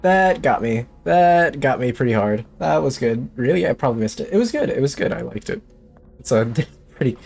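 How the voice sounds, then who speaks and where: A man's voice: mid-range voice, creaky, darkish tone. A man streaming a horror game, talking to himself in jumpy, joking commentary. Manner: jumpy, talks to himself, jokey. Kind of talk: let's play commentary.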